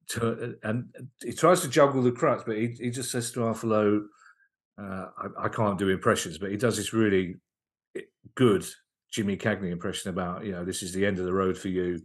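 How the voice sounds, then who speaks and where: A comedian and writer tells comedy anecdotes in a casual podcast chat, lively and enthusiastic, frequently restarting his sentences. His voice is fairly low and moderately paced.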